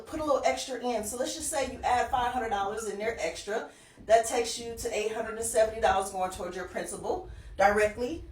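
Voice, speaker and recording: A woman's voice: on the high side, recorded from a distance. A woman casually walking through a mortgage example, often checking in with her listeners as she goes. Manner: conversational, checks in with "okay?" often. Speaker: financial educator. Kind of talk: casual explainer walkthrough. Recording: echoey room, voice off-mic.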